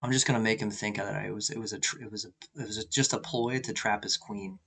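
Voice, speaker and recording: A man's voice: lowish voice, steady tone, fast talker, gravelly, sharp tone. A man streaming an online chess game, thinking aloud in an anxious, self-deprecating way. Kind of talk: live commentary while playing online chess.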